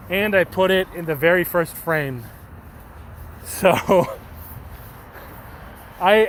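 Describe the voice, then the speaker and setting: A man's voice: high-pitched, a little hiss or hum. A man chatting casually with viewers, reading their comments aloud in a rambling, self-deprecating way and swearing now and then. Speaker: streamer reading chat.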